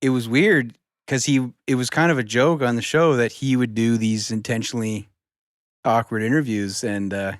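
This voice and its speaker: A man on a comedy podcast, talking casually and meandering through an anecdote. His voice sits at an ordinary middle pitch. It is recorded close and dry. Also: fairly even intonation, normal speed, no echo. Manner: laid-back, rambling anecdotes. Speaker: podcast co-host. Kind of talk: casual chat.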